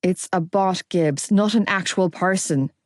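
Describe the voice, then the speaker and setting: Woman doing a gruff young guy, rattled but placating, lowered voice, dry close mic. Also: measured pace, no echo, lightly acted. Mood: distressed, placating. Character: big distressed young Irish man, gruff.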